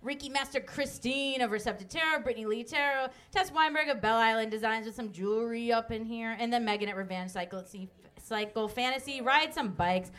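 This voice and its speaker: A woman co-hosting a live podcast, joking and swearing in quick banter. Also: on the high side, a bit bright. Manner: rapid, profane, joking. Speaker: podcast co-host. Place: live event with crowd.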